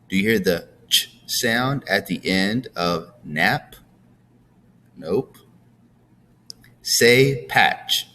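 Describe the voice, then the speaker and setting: A man's voice: low voice, sharp tone. A man teaching a phonics lesson to young students, patiently drilling words and checking in with "all right?".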